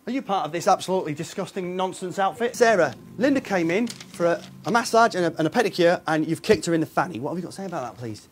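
A man's voice: sits high, lively intonation, fast talker, few pauses, a little hiss or hum. A man playing a pompous consumer-show presenter in a hidden-camera prank, blustering and accusatory. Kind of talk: comic hidden-camera confrontation.

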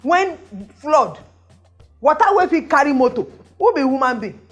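Host, female, Nigerian Pidgin accent, high and highly animated, emphatic commentary with rhetorical questions. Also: normal speed, faint music behind. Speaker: show host. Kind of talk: social commentary monologue.

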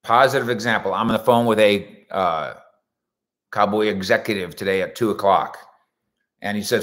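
A man's voice: lowish voice, moderate pace, fairly bright tone. A man hosting a sports talk show, rambling through jokey stories and asides in a casual monologue. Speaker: sports radio and web show host. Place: indoors at home.

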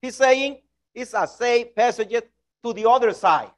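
Slow earnest preacher with high voice. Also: male voice, animated. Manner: earnest, self-correcting, non-native phrasing. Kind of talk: sermon.

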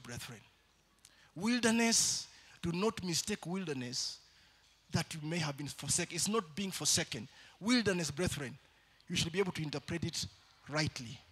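A man preaching a sermon in church, shifting between loud calls to the congregation and quieter storytelling. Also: fairly high pitch, slightly rough.

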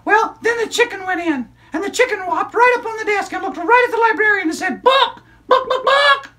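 A man's voice: animated, sharp tone, full character voice. A man voicing a perky, chatty female puppet sidekick who tells stories eagerly in a children's puppet show. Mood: excited. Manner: eager, rushing storyteller, high squeaky voice.

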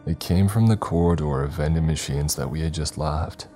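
A man narrating a first-person horror story in a measured, ominous way. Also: a bass voice, mellow. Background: faint background music.

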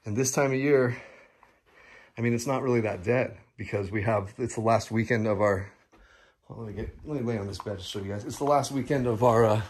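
Excitable man giving a house tour. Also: lowish voice, a little hiss or hum. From United States. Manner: chatty, excitable, addresses viewers as guys. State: breathing heavily. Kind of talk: casual walk-through vlog. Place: large rental house indoors.

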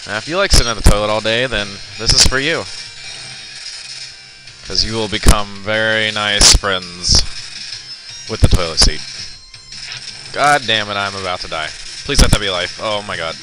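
Profane rambling young man over loud game music. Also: on the low side, normal speed, long pauses, low-quality recording. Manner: rambling, profane, swears often when losing. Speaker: let's player. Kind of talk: casual gameplay commentary. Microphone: boosted computer mic with crackling audio.

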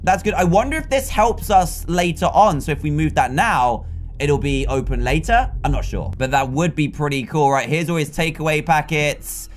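A British man hosting a gaming video, giving excitable let's-play commentary that breaks into panicked shouts. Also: fairly high pitch, slight background noise. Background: faint game music.

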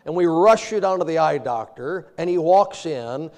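A man's voice: fairly high pitch, normal speed. A man preaching a sermon with humor, telling everyday stories, laughing often and quoting old-fashioned scripture. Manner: humorous, animated storytelling with frequent laughter.

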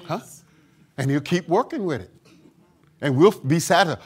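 A man's voice: on the high side, animated, normal speed, slightly rough. A man preaching a sermon as pastor, emphatic, with call-and-response asides and acted-out voices of doubters. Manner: acts out quoted voices of doubters.

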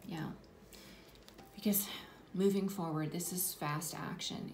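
A woman gives a spiritual tarot reading in a soft, reassuring voice that often sinks to a whisper. Her tone sits low and carries a gravelly fry. She sounds distant from the mic in an echoey room, with steady noise behind her. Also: slow pace. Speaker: tarot reader.

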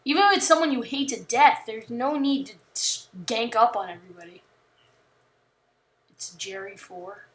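A woman chatting casually while playing a video game, rambling and joking, with sudden panicked yells. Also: fairly high pitch, moderate pace. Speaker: gamer. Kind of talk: casual gameplay commentary.

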